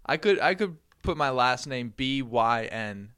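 A man's voice: mid-range voice, lively intonation, unhurried, pushed and bright, clean tone, dry recording, clean studio sound. A man co-hosting a podcast, bantering casually, joking, laughing often and swearing. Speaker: podcast co-host. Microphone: studio microphone.

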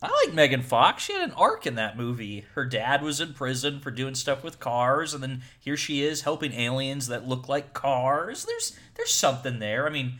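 A man hosting a casual movie review podcast, animated and often repeating words as he starts a thought. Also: medium pitch, normal speed, few pauses. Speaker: podcast host.

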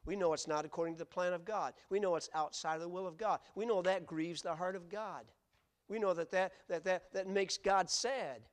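A man's voice: high voice, fairly quick. A man preaching a sermon, emphatic and repetitive, reading scripture aloud between points. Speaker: pastor.

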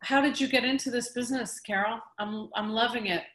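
A woman's voice: on the high side, steady tone, fairly quick, a bit bright. Upbeat woman hosting, roomy echo. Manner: upbeat, jokey. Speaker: podcast host. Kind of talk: casual chat. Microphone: video call.

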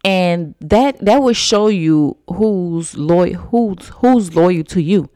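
A woman's voice: on the low side, animated, slow, mellow, no echo, clean studio sound. A woman, rambling casually as a solo podcast host and saying "y'all" a lot. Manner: chatty, rambling, uses "y'all" and "you know"; eating and sipping tea while talking.

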